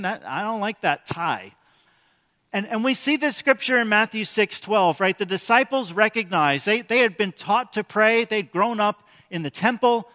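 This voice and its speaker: A man preaches in a high, bright voice, talking with the congregation more than at them. He asks them questions as he goes. The sound carries a long reverb from a church hall. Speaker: pastor. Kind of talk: sermon.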